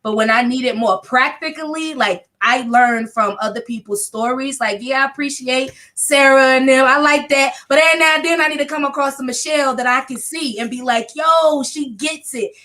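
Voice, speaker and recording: A woman in her thirties hosts a casual chat over a video call. She talks in an effusive, emotional way with plenty of slang, in a slightly high voice. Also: fairly quick, hardly any pauses, bright, forceful tone. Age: 30s. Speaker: host.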